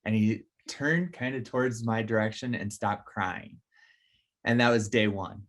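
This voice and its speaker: A man's voice: fairly low pitch, measured pace, fairly bright tone. A man in a documentary interview, earnestly telling a story about his newborn son. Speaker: father telling a family story.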